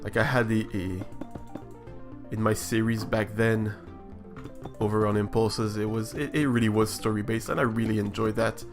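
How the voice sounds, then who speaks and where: Man, low gravelly voice, hesitant casual stream chat, faint music behind. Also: steady tone, normal speed. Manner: hesitant, many restarts and fillers, reflective. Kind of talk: casual live-stream chat while building.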